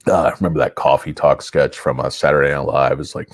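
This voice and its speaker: A man hosting a stock investing channel, giving casual, rambling market commentary in an excitable, self-mocking way. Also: rumbling low, a little fast, slight background noise.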